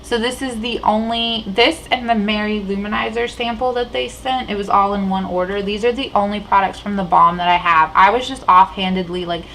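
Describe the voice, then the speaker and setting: A woman's voice: mid-range voice, steady tone, fairly quick, few pauses, fairly bright tone, a little hiss or hum, poor audio. A woman vlogging about beauty products in a rambling, chatty way, full of fillers and restarts, while sitting at a table indoors. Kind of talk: casual chat.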